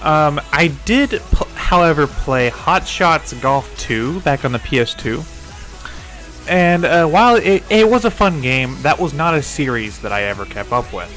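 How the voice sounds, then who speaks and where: A man's voice: fairly high pitch, expressive, measured pace, a bit bright, soft background music. A man doing a game review voice-over, swearing a lot and stumbling over his words as he complains. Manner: profane and exasperated, stammers and restarts.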